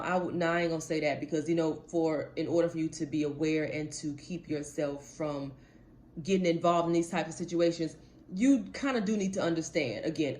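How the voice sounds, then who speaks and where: A woman's voice: low-pitched, darkish tone, slight background noise. A woman life coach giving a motivational talk to camera, blunt and casual, addressing viewers directly and repeating her points for emphasis.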